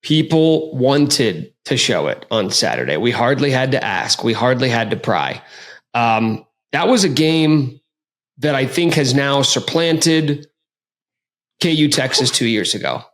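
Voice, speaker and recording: A man hosting a casual sports podcast, talking in an energetic, joking way. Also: medium pitch, a little slow. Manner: energetic, hyped, jokey. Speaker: podcast host.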